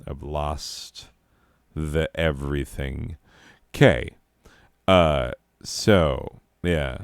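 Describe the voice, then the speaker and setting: A man tells a comic story with deadpan timing and a lot of swearing, and often breaks off to mock himself. His voice is very deep and unhurried. The recording is dry and close. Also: gravelly, clean tone, no echo. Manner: deadpan, profane, self-mocking rants. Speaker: comedic narrator. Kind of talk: profane comedic storytelling.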